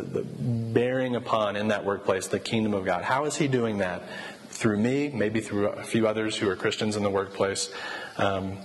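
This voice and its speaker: A man preaching a sermon in a casual, storytelling way, acting out quoted dialogue. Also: on the low side. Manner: conversational, animated retelling of quoted dialogue. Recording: reverberant hall with faint ambient noise.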